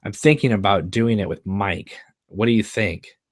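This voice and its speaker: A man's voice: lowish voice, moderate pace, no echo, lightly acted. A man reading the part of an anxious, earnest teenage girl who stammers and pleads. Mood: flustered.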